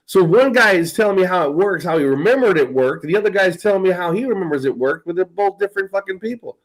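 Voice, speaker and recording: Over poor audio, a high-pitched American podcast host rambles through casual chat, swearing freely and laughing a lot. He's animated and talks fast.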